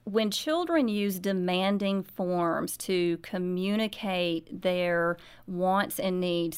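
A middle-aged woman telling parenting stories as a guest in an interview, earnest and gentle, speaking with sincere conviction. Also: lowish voice, smooth. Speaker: author and guest. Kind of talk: radio interview, storytelling.

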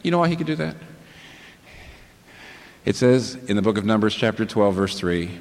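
In a large church hall, a man preaches a sermon to a live congregation, his fairly low voice expressive and carrying some vocal fry at a normal speed. He is emphatic and likes posing rhetorical questions, then answering them himself. The hall gives the recording a long reverb.

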